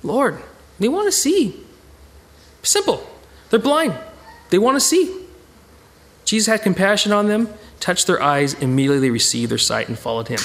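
A man teaching a Bible study in an animated way, acting out the people in the story and often stammering and repeating words. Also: high-pitched, normal speed, long pauses.

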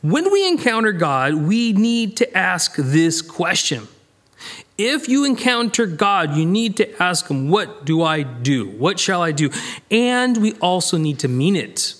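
A man's voice: sits high, unhurried. A man teaching a verse-by-verse Bible study as a minister, talking conversationally and acting out the quoted lines. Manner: lively, conversational, reads scripture aloud and acts out quoted lines.

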